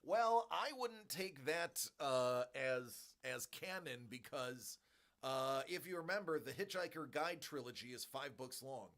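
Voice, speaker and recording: A man in his forties, a stream host, ranting in a rambling, animated way about a movie in casual chat. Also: medium pitch, unhurried.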